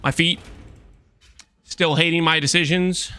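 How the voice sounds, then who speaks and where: A man's voice: fairly high pitch, fairly even intonation, unhurried, sharp tone, a little hiss or hum. A man streaming a game, chatting and joking with his chat while walking on a treadmill. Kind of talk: casual live-stream chat.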